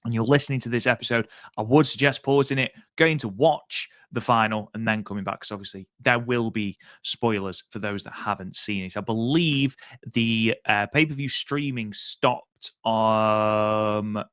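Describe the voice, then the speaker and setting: A man's voice: fairly low pitch, normal speed, a bit bright, no room sound. A man co-hosting a podcast over a remote link, chatting casually in a rambling, self-deprecating way full of ums. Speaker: podcast co-host.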